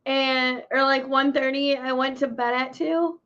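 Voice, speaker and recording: A woman co-hosting a live talk show, chatting quickly and casually with lots of "like" fillers. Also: sits high, fairly even intonation, fairly bright tone, soft background music. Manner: quick, chatty, says "like" a lot. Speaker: show co-host. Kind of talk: casual chat. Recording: dull lo-fi stream audio.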